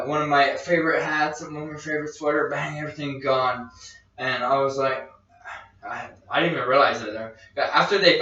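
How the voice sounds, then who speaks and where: A man's voice: a little high, pushed and bright. Rambling storyteller man in an echoey room. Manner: rambling anecdote with quoted dialogue and restarts. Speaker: podcast host. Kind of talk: casual storytelling chat. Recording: echoey room, distant lo-fi mic.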